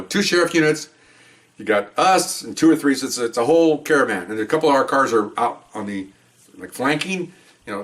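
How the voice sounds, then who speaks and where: An older man, a retired police officer, tells a story in a casual, animated way, acting out voices and restarting his sentences. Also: medium pitch, recorded from a distance. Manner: animated, acts out voices, laughs, many restarts.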